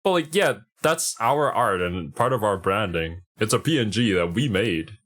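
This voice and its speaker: A man co-hosts a casual reaction chat in a laid-back, wry way. His pitch moves around a lot as he jokes. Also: lively intonation, moderate pace, a bit bright. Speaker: co-host.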